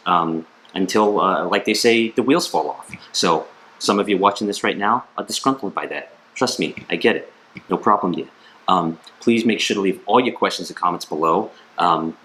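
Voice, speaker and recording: Male cigar vlogger, very deep, dry deadpan humor, faint background hiss. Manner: deadpan jokey asides to someone off camera. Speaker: cigar reviewer. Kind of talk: comedic product review vlog.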